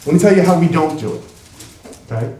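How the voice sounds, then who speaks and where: A man's voice: on the high side, slight background noise. A man who is a trial lawyer, giving an emphatic talk to an audience in a large room, heard from a distant mic. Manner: emphatic and animated, with quick bursts. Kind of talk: presentation to an audience. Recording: echoey room, voice from far off.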